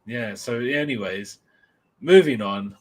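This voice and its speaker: A man's voice: medium pitch, takes it slowly. A man co-hosting a casual chat about comics and films, rambling and enthusiastic with many restarts. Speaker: podcast co-host.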